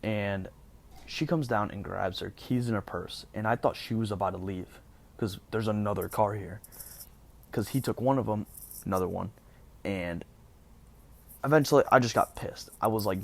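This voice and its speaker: A young man casually recounting a personal story as a vlogger, animated and profane, rambling with lots of fillers. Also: fairly low pitch, unhurried, gravelly.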